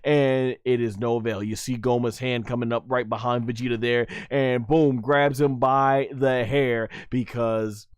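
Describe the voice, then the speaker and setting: A man giving an excitable, rambling play-by-play recap of an anime episode, punctuating the action with sound effects. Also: medium pitch, measured pace, hardly any pauses, smooth, dry recording, clean studio sound. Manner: loose and rambling, with many restarts and fillers.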